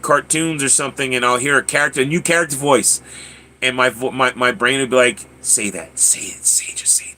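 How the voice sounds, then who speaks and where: A man's voice: medium pitch, bright, forceful tone, a little hiss or hum. A man hosting a livestream, chatting casually with viewers, often stammering and repeating words. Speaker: livestream host. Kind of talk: casual chat reading viewer comments.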